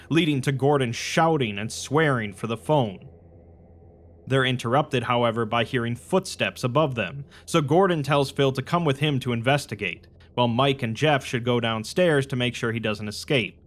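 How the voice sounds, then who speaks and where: A man giving a steady, matter-of-fact scripted narration that recaps a film's plot. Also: medium pitch. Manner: even, matter-of-fact retelling.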